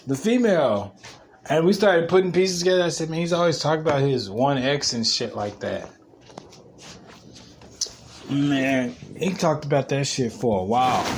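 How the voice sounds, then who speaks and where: A man hosting a podcast, telling rambling stories in a blunt, profane, casual way. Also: medium pitch. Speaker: podcast host. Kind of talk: casual solo podcast rant. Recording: distant mic with clear background noise.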